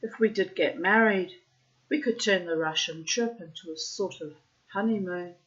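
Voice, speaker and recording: A woman reading a literary short story aloud in first person, with slow, measured narration. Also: fairly low pitch, fairly bright tone, dull audio. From child of migrants. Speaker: reader.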